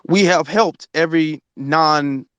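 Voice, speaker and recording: Man, host of a live audio room, insistent and lecturing, higher voice, dry close sound. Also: takes it slowly, fairly bright tone, clear, resonant tone, no room sound, highs cut off. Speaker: host of a Twitter space discussion.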